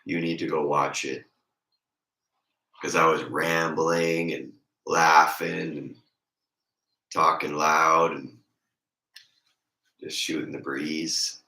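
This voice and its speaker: A man with a very deep, congested voice chats slowly and casually on a stream. His tone is bright despite the low pitch, and the room around him is echoey. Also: flat delivery. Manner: slow rambling talk, voice squeaks and crackles when raised. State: congested throat.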